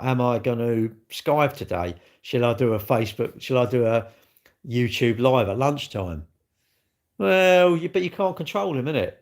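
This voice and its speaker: A man chatting casually on a live stream, rambling and answering viewer comments as he goes. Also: medium pitch. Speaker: livestreamer and car dealer. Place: at work, indoors.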